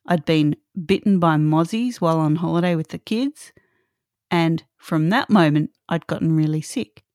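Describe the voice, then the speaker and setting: A woman's voice: sits low, moderate pace, a little mellow, dry recording, clean studio sound. A middle-aged woman hosting a solo podcast, earnest and emphatic, repeating her key points. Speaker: podcast host.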